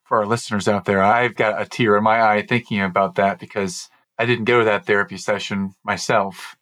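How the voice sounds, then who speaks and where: A man's voice: lowish voice, steady tone, brisk, fairly bright tone. Earnest man hosting an interview. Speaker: podcast host. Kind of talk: conversational interview questions.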